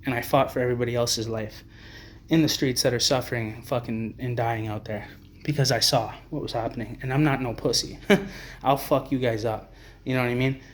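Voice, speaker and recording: Man, streetwise swearing rant, blunt and rambling, mid-pitched voice. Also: steady tone, fairly quick, slight background noise. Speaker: homelessness advocate vlogger. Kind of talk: ranting to-camera monologue.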